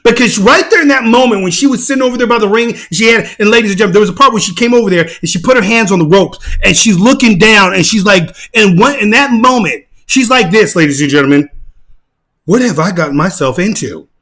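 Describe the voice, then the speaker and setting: A man hosting casual commentary on a fight video, excitable, laughing and repeating himself. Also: high voice, fast, hardly any pauses. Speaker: channel host.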